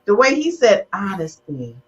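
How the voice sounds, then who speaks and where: A woman's voice: medium pitch, sing-song, moderate pace, muffled recording. A woman hosting a live relationship podcast, teasing her guests and getting emotional. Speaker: podcast host.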